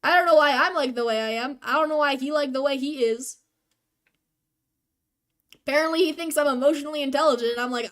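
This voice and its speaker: A young woman with a high, light voice chats with her stream audience while she plays. She rambles and pokes fun at herself in an easy, casual way. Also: quick pace, pauses often, fairly bright tone. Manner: rambling, self-deprecating, chatty. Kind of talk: casual game stream chat.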